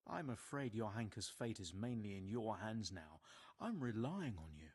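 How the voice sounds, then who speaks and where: An actor playing an earnest, learned monk who speaks in a measured, grave and formal way. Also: male voice, on the low side, big pitch swings, a little mellow, husky. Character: earnest middle-aged male monk, learned and worried. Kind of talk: video game voice acting.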